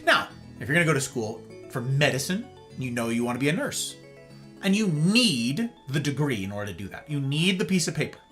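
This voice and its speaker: A man's voice: medium pitch, sing-song, brisk, fairly bright tone, soft background music. A male host giving an emphatic, sarcastic monologue on a live-streamed talk show, with playful asides.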